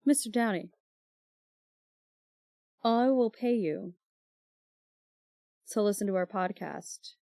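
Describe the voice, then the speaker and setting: A young woman in her twenties co-hosting a casual book club podcast, animated and quick to act out quotes. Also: mid-range voice, vocal fry, no echo, clean studio sound. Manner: animated, reads quotes in character voices. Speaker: podcast co-host.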